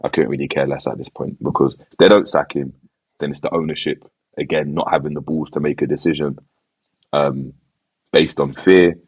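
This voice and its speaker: A man's voice: very deep voice, fairly even intonation, normal speed, breathy edge, no echo, lo-fi sound. A man in a casual podcast chat, talking in a laid-back, resigned way with heavy slang and repeated phrases. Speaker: football fan panelist.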